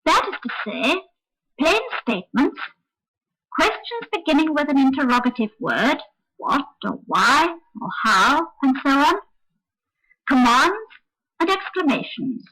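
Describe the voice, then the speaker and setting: A woman co-presenting an English intonation lesson, modelling sentences clearly and deliberately. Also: sits high, big pitch swings, sharp tone, low-quality recording. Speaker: co-presenter demonstrating examples. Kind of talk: scripted spoken lesson. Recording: old lesson recording.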